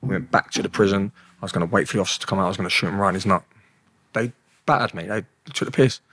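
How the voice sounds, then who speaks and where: A man's voice: low-pitched, racing, fairly bright tone, husky, dry recording, studio quality. A man with a London accent, a guest telling stories in an interview, blunt and slangy, swearing often and acting out what people said. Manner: blunt, slangy, swears a lot, acts out dialogue. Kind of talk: storytelling in an interview.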